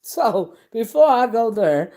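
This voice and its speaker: A woman's voice: fairly high pitch, big pitch swings, slow pace, mellow. A woman host chatting casually and rambling to her viewers on a late-night livestream, sleepy and talking in a loose, folksy way. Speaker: channel host.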